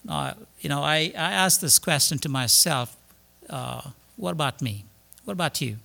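A man preaching a sermon, repeating key words, asking his listeners questions and rising to loud, emphatic declarations before dropping low again. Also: lively intonation, moderate pace, gravelly.

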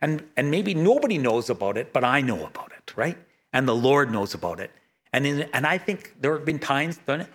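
Middle-aged man, pastor preaching; earnest, stop-start delivery with frequent restarts, mid-pitched voice. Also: big pitch swings, a bit bright. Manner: earnest, halting, many restarts and stammers. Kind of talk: sermon.

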